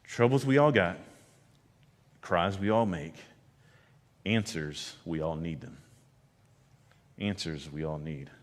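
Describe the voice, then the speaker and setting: A man preaching a sermon as pastor, swinging between loud emphasis and hushed, low lines. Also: slow pace, long pauses, big-room sound. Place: church sanctuary.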